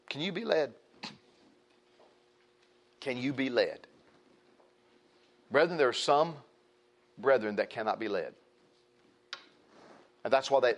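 A middle-aged man preaching a sermon as pastor, folksy and emphatic, with rising outbursts. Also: mid-range voice.

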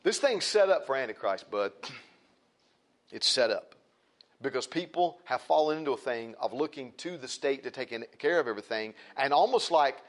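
A man's voice: medium pitch, lively intonation, normal speed. A man preaching a sermon, emphatic and repetitive, with folksy asides to the congregation.

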